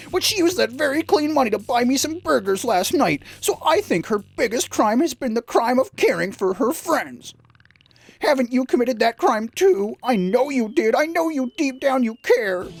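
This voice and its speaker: A woman voicing a goofy, excitable young male werewolf student who rambles earnestly. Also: high voice, normal speed, no room sound, soft background music, voice pushed up, rough recording. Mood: pleading. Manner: rambling, earnest, dim-witted.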